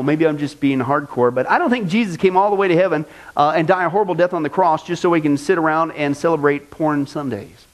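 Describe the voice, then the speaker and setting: A male pastor preaching an animated sermon, mocking things he disapproves of and doing quick impressions. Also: fairly high pitch.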